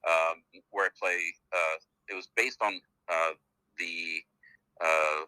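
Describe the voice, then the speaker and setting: Canadian male actor, middle-aged, phone guest; chatty rambler, low-pitched, very bright and tense. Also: steady tone, slow, smooth, no room sound, poor audio. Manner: chatty, rambling storyteller with many fillers. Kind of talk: casual phone interview. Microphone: phone call.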